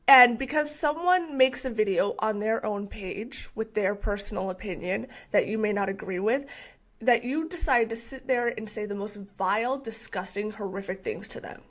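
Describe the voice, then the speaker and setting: A woman co-hosting a podcast, chatting casually, ranting in an animated way and laughing often. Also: fairly high pitch. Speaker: podcast co-host. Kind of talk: casual chat.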